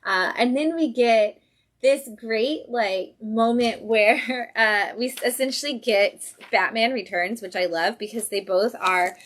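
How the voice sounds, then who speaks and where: A woman's voice: a little high, unhurried, fairly bright tone. A woman hosting a casual livestream, chatting enthusiastically about new comics and acting out characters' lines. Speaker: comic shop host.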